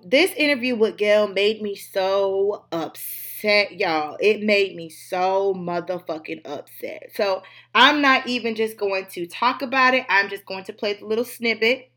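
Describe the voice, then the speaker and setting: A woman's voice: mid-range voice, a little slow, a bit bright. A woman hosting a gossip commentary show, talking bluntly and emphatically, with frequent swearing. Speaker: host.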